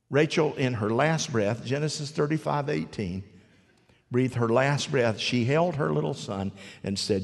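Preaching in a big, reverberant hall before an audience, this man has a medium-pitched, creaky, husky voice. He spins a folksy tale for the congregation, cracking jokes and quizzing the crowd.

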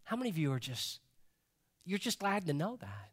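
A male preacher with a notably high voice delivers a sermon. He speaks earnestly and returns to the same phrases for emphasis. He sinks into a soft, hushed voice for every quotation. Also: big pitch swings, normal speed. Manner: drops to a hushed voice when quoting others.

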